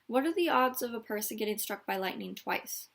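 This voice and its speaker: A woman's voice: on the high side, expressive, brisk, gravelly. A woman voicing an eager, cheerful young boy in a storybook read-aloud, her voice lightly raised. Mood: upbeat.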